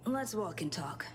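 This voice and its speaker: An actress playing a composed young woman in a game who talks calmly and firmly, with the odd sigh. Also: on the low side. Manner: calm, sighing, firm. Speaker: game character. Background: game music.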